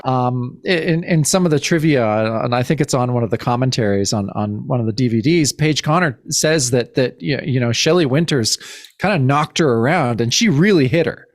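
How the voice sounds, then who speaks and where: A man co-hosting a casual film podcast, emphatic and animated, swearing casually. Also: mid-range voice, moderate pace, dry recording, studio quality. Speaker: podcast co-host.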